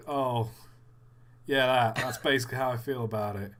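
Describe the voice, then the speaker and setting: A man's voice: medium pitch, normal speed. A man co-hosting a live stream, chatting casually and joking. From England. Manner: animated, jokey, breaks into laughs. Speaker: stream co-host.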